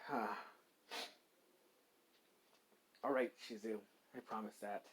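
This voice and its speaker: A man's voice: fairly low pitch, fairly even intonation, moderate pace, a little hiss or hum, voice pushed down, natural voice. A man voicing a kind young man reborn as a slime, caring and easily flustered, who talks hesitantly with stammers and fillers. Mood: tender.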